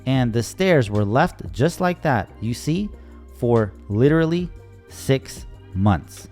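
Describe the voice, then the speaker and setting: A man's voice: mid-range voice, animated, slow, a little mellow, soft background music. A young man, a landscaping contractor, casually telling an exasperating job story in voice-over and acting out the people he quotes. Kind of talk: voice-over narration over timelapse.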